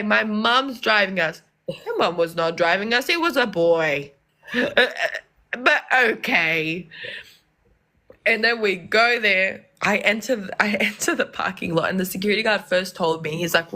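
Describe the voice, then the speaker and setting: A young woman from Lebanon telling animated stories in casual chat, acting out the people she quotes. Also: medium pitch, normal speed. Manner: animated, acts out voices in quoted dialogue. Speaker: podcast guest. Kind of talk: casual storytelling.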